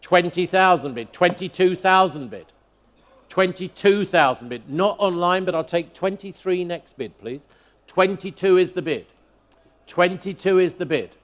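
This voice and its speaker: Male auctioneer, slightly high voice, brisk repetitive bid-calling. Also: animated, fairly bright tone. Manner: brisk, repeats bids in a rhythmic chant. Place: auction hall at a motor museum.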